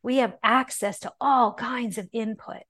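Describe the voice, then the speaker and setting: A middle-aged woman, a podcast guest, telling her faith story in an earnest, emotional way. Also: on the high side. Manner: earnest and emotional, often slowing down and softening. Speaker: podcast guest, ministry founder. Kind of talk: personal testimony in a podcast interview.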